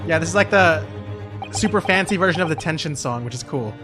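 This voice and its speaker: Young man, casual profane streamer, slightly high voice, game music under. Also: animated, brisk. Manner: profane, joking, laughs often. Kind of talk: casual gameplay commentary.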